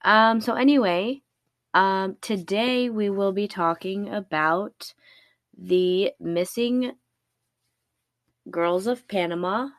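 A young woman with a sore, raspy throat, hosting a casual true-crime podcast, rambling and swearing casually. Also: medium pitch, no room sound, studio quality. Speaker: podcast host. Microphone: laptop recording.

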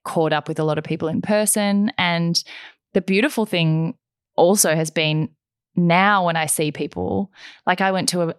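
A young woman talks in a relaxed, animated way, full of "like" and quick asides. Her voice sits a little low and sounds dry and close. It is easygoing podcast chat between friends. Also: smooth, no room sound. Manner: chatty, animated storytelling with frequent fillers. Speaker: podcast host. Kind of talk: casual chat.

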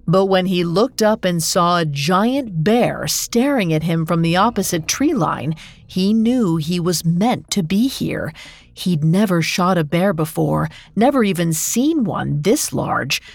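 A woman narrating a myth as scripted storytelling, in a slow, measured way. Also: on the low side, creaky, dry recording. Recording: dry studio with faint music.

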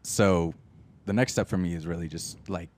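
A young man who is a music producer and a podcast guest, chatting in a laid-back way that often trails off quietly. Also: deep voice, steady tone, moderate pace. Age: young adult. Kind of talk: casual chat.

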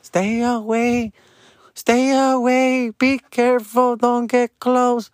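A shrill, jittery school gate guard barks orders to hold the parents back, put on by a man. The voice jumps far above the performer's own and sounds frantic and bossy. It is very close and dry. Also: little pitch movement, slow, no echo.

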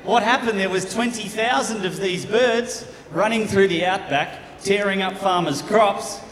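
A man's voice: high-pitched, measured pace, fairly bright tone, a little hiss or hum. A man with an Australian accent doing a friendly stand-up set on a club stage. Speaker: stand-up comedian. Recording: echoey live room with long reverb and faint crowd.

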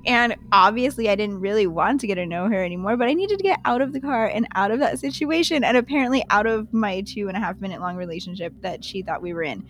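A young woman telling a dating story in a chatty, animated way, full of fillers. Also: mid-range voice, fast talker, hardly any pauses. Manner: chatty, full of "like" and "you know"; animated, laughs while telling. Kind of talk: casual storytelling.

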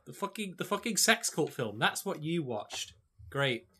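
Animated, teasing podcast host man. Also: a little high, measured pace, slightly rough. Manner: animated, teasing, swears freely. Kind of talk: casual podcast chat.

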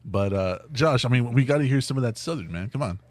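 A man's voice: medium pitch, lively intonation, fast talker, darkish tone, dry recording. A man hosting a casual podcast chat, leading the round and swearing freely. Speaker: podcast host.

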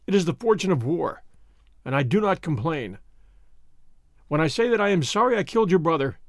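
A man voicing a captured brigand who speaks with slow, scornful defiance in an audiobook. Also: high voice, no room sound, clean studio sound. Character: defiant captured male brigand, bitter and proud.

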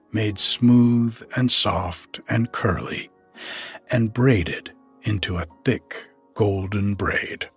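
A slow, husky man reads a storybook aloud in a low voice. Faint music plays behind him. He takes his time and speaks to the listener directly. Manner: gentle, unhurried, addresses the listener. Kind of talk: storybook narration.

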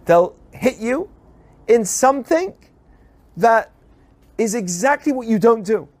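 Man, rabbi, high voice, podcast Torah lesson, animated, rhetorical questions. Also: slow.

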